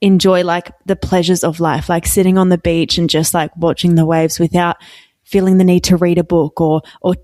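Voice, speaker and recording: Mum in her 30s on a podcast, rambly and lively, slightly low voice, close dry mic. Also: normal speed, no echo. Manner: animated, rambling storyteller. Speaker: podcast co-host. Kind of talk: casual chat.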